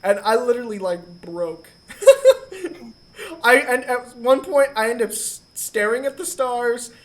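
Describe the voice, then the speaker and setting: Woman on a podcast telling a crazy story, lots of swearing, super animated, laid back chat. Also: fairly high pitch, normal speed. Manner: profane, animated, exaggerated storytelling. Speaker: podcast co-host. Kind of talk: casual comedic storytelling.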